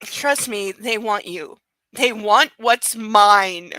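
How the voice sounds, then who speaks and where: Possessive brooding young rich man, intense murmur, read by a woman in her own voice; bright, dry sound. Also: medium pitch, takes it slowly, dry recording, rough recording.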